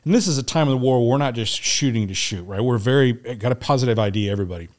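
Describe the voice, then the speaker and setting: A man's voice: mid-range voice, very fast. A middle-aged man, a military veteran from the United States, telling combat stories in a casual, profane way and often breaking into laughter. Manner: animated, profane war storytelling, laughing often. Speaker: guest, Navy SEAL veteran. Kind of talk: casual storytelling.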